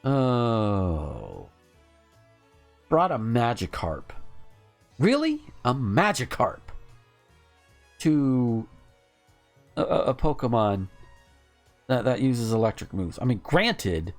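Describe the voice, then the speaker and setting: Lively man streaming games. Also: medium pitch, takes it slowly, pauses often, faint music behind. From Southern US. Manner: animated, swears and laughs at the game. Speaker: game streamer. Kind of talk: live gameplay commentary.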